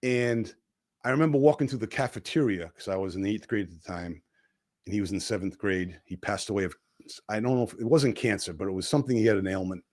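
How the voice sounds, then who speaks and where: A man's voice: fairly low pitch, quick pace. A man in his fifties, a guest on a casual podcast, telling personal stories with big swings in his voice. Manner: animated storytelling, voice rising and dropping sharply.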